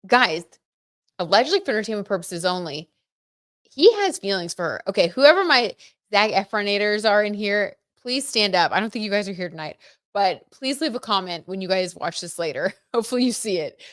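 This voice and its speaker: A woman's voice: mid-range voice, animated, brisk, fairly bright tone, dry recording, clean studio sound. Giggly chatty woman tarot streamer. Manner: chatty and giggly, talks to viewers. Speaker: tarot reader, livestream host. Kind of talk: casual livestream chat, tarot reading.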